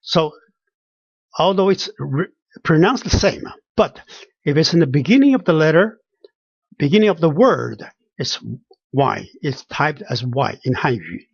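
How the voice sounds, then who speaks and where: Slow pronunciation teacher, repeats sounds patiently, dull lo-fi dry recording. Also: medium pitch, sing-song, creaky, slightly rough, dry recording. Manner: repeats each sound slowly, many restarts. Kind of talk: pronunciation lesson with spoken examples.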